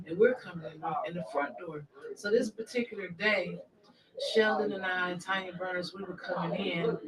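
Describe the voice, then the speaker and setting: A woman co-hosting a political talk show, chatty and telling stories while agreeing often with her co-host. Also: on the low side. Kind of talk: casual political talk, storytelling. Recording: distant mic with crowd chatter behind.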